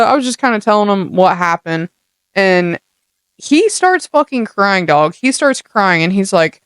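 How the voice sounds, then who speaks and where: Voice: medium pitch, very animated, moderate pace, a bit bright, clean tone, dry recording, studio quality. A young adult podcast host giving a casual motivational monologue, blunt and heavily profane, full of streetwise slang.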